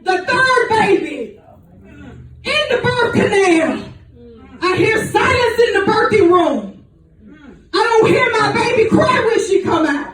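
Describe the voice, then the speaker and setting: Shouting woman preacher in echoey hall. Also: extremely high pitch, lively intonation, unhurried, pauses often, crowd noise. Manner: shouting, emphatic, sing-song cadence. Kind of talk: fiery call-and-response sermon. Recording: echoey church hall, distant mic. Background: church music and responding congregation.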